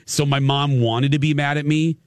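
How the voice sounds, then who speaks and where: A man's voice: on the high side, steady tone, normal speed, no room sound, studio quality. A middle-aged man from Indiana hosting a radio show, telling a story in casual chat with stammered restarts and laughter at himself.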